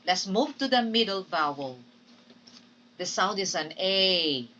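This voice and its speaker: A woman with a Filipino accent gives a slow, patient phonetics lesson, pausing to drill example words and ask "Okay?". Her voice is bright and lowish in pitch, and it is picked up from a little way off the mic. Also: recorded from a distance, rough recording. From Philippines. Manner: drills words and repeats "Okay?" to check understanding. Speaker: English teacher. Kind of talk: recorded phonetics lecture.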